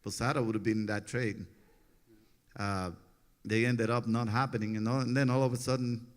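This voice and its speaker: A man's voice: mid-range voice, moderate pace. Man in his 40s, easygoing storyteller who laughs a lot and voices other people's lines with energy. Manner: laughs often, animated when quoting others. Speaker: interview guest, former pitcher. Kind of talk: relaxed storytelling interview.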